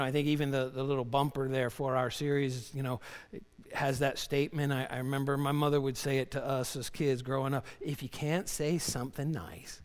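A male pastor delivering a sermon, moving between loud, dramatic readings and quiet, low emphasis. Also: clean tone, big-room sound. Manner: animated preaching, voicing Job's cries with rising pitch and dropping low for emphasis.

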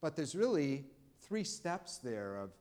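A man's voice: a little high, big pitch swings. A man preaching a Sunday sermon, talking to the congregation in an easy, conversational way and leaning hard on key words. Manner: preaching, warm conversational pauses, emphatic rises. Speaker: pastor. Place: church.

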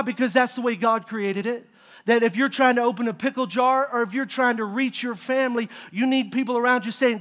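Middle-aged male pastor, very high pitch, animated storyteller who talks straight to the congregation. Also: a little fast. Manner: animated storytelling with audience call-outs. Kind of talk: sermon.

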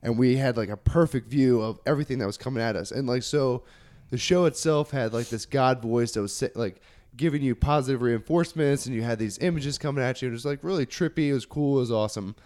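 A man telling a long story in casual chat, animated and rambling, with many restarts. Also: medium pitch, fast.

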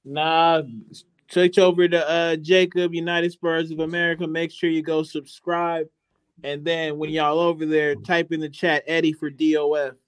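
A man's voice: a little high, level tone, normal speed, clear, resonant tone. A man co-hosting a casual live-stream podcast, laid-back and slangy. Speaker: podcast co-host.

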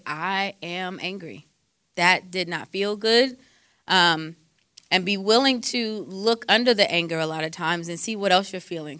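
A woman's voice: lowish voice, pushed and bright, dry recording, clean studio sound. A woman counselor giving faith-based advice in a conversational way, quoting scripture and using frequent fillers.

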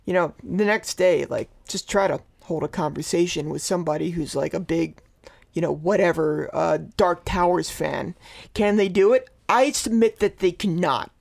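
Sarcastic podcast guy, kinda gravelly voice, rambles and swears a lot. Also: high-pitched, moderate pace. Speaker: podcast co-host. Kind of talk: casual chat.

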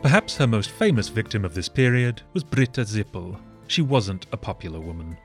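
A man narrating a comedic history story with sardonic, deadpan asides. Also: on the low side, normal speed, faint music behind.

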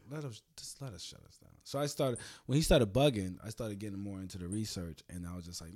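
A man in casual podcast chat, telling stories loudly and animatedly and swearing a lot. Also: medium pitch.

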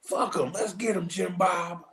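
A man's voice: sits high, fairly even intonation, a little slow, fairly bright tone, echoey room, voice pushed up. A man voicing a ranting, cursing racist white sports fan.

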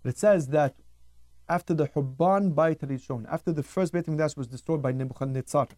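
A man's voice: fairly high pitch, brisk, darkish tone, dry recording, clean studio sound. A man teaching a radio Torah class, telling stories in an emphatic style and repeating words for effect.

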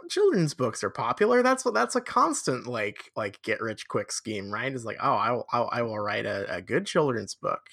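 A man hosting a podcast, recapping a film in casual, jokey, profane chat. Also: mid-range voice. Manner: animated, profane, jokey storytelling. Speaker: podcast host.

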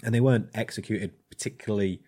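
Rambling blacksmith, lowish voice. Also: male voice, steady tone, fast, mellow, breathy edge. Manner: rambling, hesitant with many ums. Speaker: blacksmith, guest. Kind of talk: casual chat.

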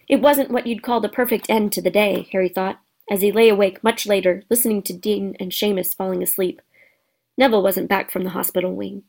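A woman's voice: medium pitch, a little mellow. Woman narrating a storybook. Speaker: audiobook narrator.

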